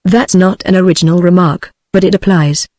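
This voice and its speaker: A woman's voice: fairly low pitch, a little fast, no room sound, studio quality, close to an everyday voice. A British English female synthetic voice reading the lines of a genial, unctuous middle-aged male chief inspector in an audiobook. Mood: scornful. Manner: even synthetic speech reading all parts.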